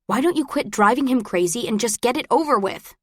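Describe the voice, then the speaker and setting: A woman's voice: on the high side, expressive, a little fast, dry recording, voice pushed up. Woman reading nosy bubbly college girl, pushy, teasing, very dry close sound. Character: bubbly meddling young woman, college student.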